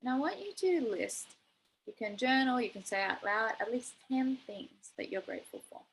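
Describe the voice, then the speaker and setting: A woman's voice: on the high side, expressive, normal speed, a little hiss or hum, low-quality recording. A young adult woman coaching a live online masterclass, enthusiastic and encouraging, using spiritual wording. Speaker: manifestation coach.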